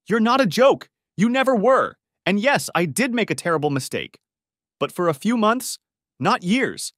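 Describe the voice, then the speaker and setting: A man voicing a distraught young wife who shouts her pleas and apologies to her husband in an audiobook. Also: high voice, very animated, normal speed, no echo, studio quality, pitched above the performer's own voice. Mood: desperate pleading. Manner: pleading shouts, raised and strained. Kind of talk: audiobook character voice.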